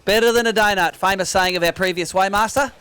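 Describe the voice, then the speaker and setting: An Australian man hosts an outdoor fishing tournament weigh-in. His voice sits fairly high, and he jokes matily with each angler while calling out the weights. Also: fast, bright, forceful tone, smooth, no echo. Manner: jokey, matey, upbeat announcing. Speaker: weigh-in host. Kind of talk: casual tournament weigh-in banter.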